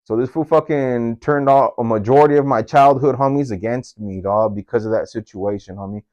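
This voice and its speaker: A man telling a story from his own life in a casual, slangy, profane way, leaping up in pitch whenever he quotes someone. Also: fairly quick, darkish tone, no echo, highs cut off. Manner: slangy and profane, jumps into high-pitched voices when quoting. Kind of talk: casual first-person storytelling.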